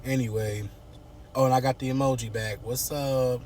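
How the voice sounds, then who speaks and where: A man giving an animated, slangy casual recap of a TV series while sitting in his car. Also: medium pitch, moderate pace, a little hiss or hum. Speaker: TV series reviewer. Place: inside a parked car at night.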